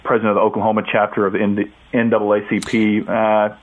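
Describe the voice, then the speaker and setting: A man tells a story at a brisk clip as a guest on a radio talk show, lively and acting out what people said. His voice comes through a thin, tinny phone line. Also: on the low side. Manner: animated storyteller, acts out quotes. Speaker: author and guest. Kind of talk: casual radio interview storytelling.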